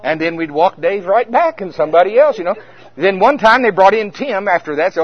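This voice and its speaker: Husky preacher man, dull lo-fi sound. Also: high voice, animated, fairly quick. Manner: storytelling, swings from hushed to loud. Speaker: minister. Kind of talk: conference sermon.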